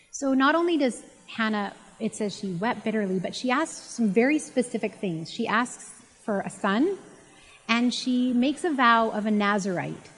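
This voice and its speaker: A woman's voice: a little high, expressive, normal speed, breathy edge. A woman giving a casual, chatty Bible teaching and retelling the story in a conversational way. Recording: long reverb.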